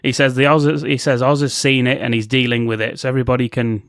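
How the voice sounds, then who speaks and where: A man's voice: mid-range voice, flat delivery, a bit bright, dry recording, clean studio sound. Man retelling film scenes. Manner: retells scenes with quick impressions of characters, laughs often. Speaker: podcast co-host. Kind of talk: casual film review chat.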